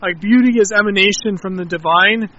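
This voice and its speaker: A man's voice: high voice, fairly quick, bright, forceful tone, muffled recording. A man talking casually outdoors, rambling and reflective, with many filler words. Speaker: interviewee.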